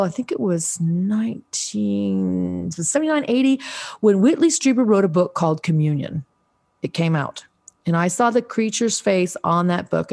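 An older woman in her sixties with a fairly low voice tells a story on a podcast. She talks casually and with animation, and she acts out the voices of the people she quotes. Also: gravelly, a little mellow. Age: 60s. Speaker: guest, Ouija board historian.

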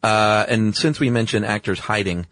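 A man co-hosting a podcast in casual chat, quick asides and frequent laughs. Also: lowish voice, fairly even intonation, a bit bright, no echo. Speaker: podcast co-host.

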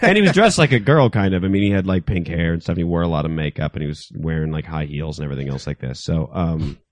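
A man's voice: low voice, quick pace, dry recording. A male comedian telling a story in casual chat, swearing freely and acting out the people in it. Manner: animated, swears freely, acts out quoted people.

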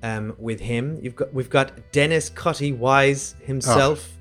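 A man's voice: mid-range voice, takes it slowly, fairly bright tone, faint music behind. A man co-hosting a podcast, upbeat and chatty with many fillers. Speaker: podcast co-host. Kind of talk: casual podcast chat.

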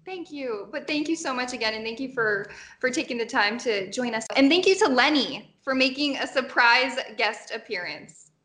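A woman hosts a relaxed interview, asking her questions with friendly curiosity. Her voice is a touch high and bright, with a forceful clarity. She keeps things warm and conversational. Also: moderate pace, hardly any pauses. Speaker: interview host. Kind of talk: casual interview.

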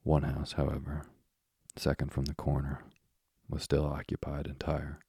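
A man narrating a classic novel in a measured, hushed reading with a husky, gravelly voice. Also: very deep voice, monotone, no echo, studio quality. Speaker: audiobook narrator.

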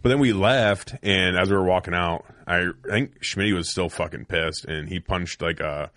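A man's voice: low-pitched, normal speed, fairly bright tone, dry recording, clean studio sound. A man swapping war-buddy stories on a podcast, profane and laughing, acting out the quotes. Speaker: podcast host. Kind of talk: casual storytelling among army buddies.

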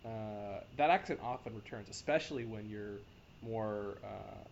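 A man's voice: on the low side, creaky. A man co-hosting a casual podcast chat, talking eagerly with many restarts and stumbles. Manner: enthusiastic, halting with many restarts. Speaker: podcast co-host. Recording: dull lo-fi sound with faint noise.

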